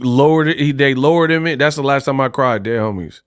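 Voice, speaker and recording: A man's voice: medium pitch, a little fast, clear, resonant tone, no room sound, studio quality. A young man hosting a casual boxing livestream, joking around and laughing often. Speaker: livestream host.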